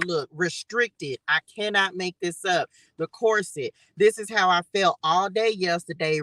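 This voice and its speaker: A man's voice: high-pitched, pushed and bright, no room sound, low-quality recording. A man giving a live spiritual tarot reading, chatty and preachy, often calling viewers y'all and baby. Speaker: tarot reader.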